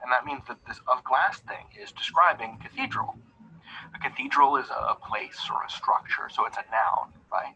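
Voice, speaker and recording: A man's voice: medium pitch, bright, forceful tone, slight background noise. A man teaching grammar in a recorded video lesson, enthusiastic and chatty, with casual fillers. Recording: lo-fi video played back.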